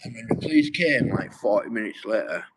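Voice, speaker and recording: A man's voice: fairly low pitch, expressive, brisk, very noisy. A young man, rambling and swearing as he talks straight to his livestream viewers. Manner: rambling, swears a lot, addresses viewers directly.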